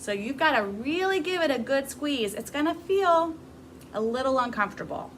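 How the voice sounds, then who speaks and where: A woman's voice: sits high, lively intonation, moderate pace, a bit bright, rough recording. Lady teacher walking beginners through it, patient and upbeat, some room noise behind her. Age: adult. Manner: patient, encouraging, demonstrating. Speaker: music teacher. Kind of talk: beginner music lesson to camera.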